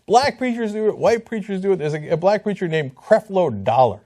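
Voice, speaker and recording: A man's voice: sits high, expressive, a little fast, warm tone. Incredulous, mocking male commentator. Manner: incredulous, mocking, laughing asides. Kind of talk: sarcastic commentary on video clips.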